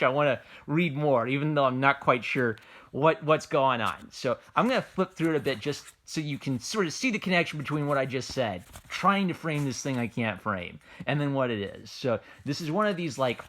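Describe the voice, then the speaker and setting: A man's voice: medium pitch, fairly bright tone. A man giving a casual, unscripted review, rambling with a lot of "like" and "uh" and restarting his sentences. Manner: rambling, lots of fillers like "like" and "uh", frequent restarts, amused. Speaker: manga reviewer.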